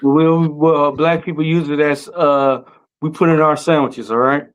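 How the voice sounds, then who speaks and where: A man co-hosting a wrestling podcast in casual chat, loud and teasing. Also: on the high side, fairly even intonation, moderate pace, smooth, lo-fi sound. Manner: loud, joking, teasing trash talk. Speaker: podcast co-host.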